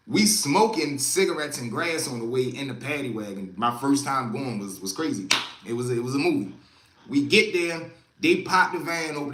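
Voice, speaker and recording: A man's voice: on the high side, pushed and bright, reverberant, slight background noise. A young man telling a story to a live stream chat in a casual way, acting out other people's voices as he goes. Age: young adult. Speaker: livestream storyteller.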